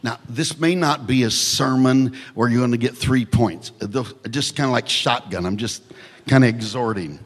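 A male pastor preaching a sermon, swinging from shouted lines to hushed near-whispers with joking asides. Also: mid-range voice, normal speed, big-room sound.

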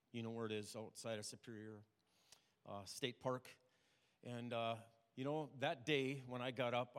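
An older man preaching a sermon, telling personal stories in a plain, halting way. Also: medium pitch. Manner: plain, halting testimony with restarts. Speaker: pastor. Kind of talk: storytelling sermon. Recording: long reverb of a hall.

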